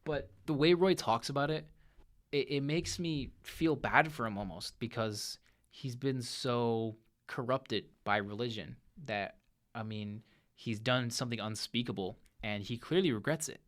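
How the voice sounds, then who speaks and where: A young man talks through a movie he has just seen in a loose, conversational review, at an ordinary middle pitch. He recaps the plot with energy and slips into quick acted quotes of the characters. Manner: animated retelling with brief acted quotes of characters. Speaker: podcast host reviewing movies. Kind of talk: casual film review monologue.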